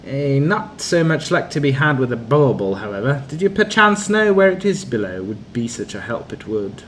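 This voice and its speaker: A man's voice: medium pitch, big pitch swings, moderate pace, fairly bright tone, a little hiss or hum. A man voicing a scheming, wheedling old man who leans on a crutch, reading game dialogue aloud. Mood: sly wheedling. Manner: wheedling, sly.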